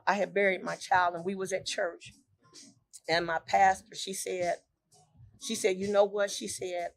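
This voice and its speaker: An older woman on a talk show tells a personal story with deep emotion, acting out what others said and repeating phrases.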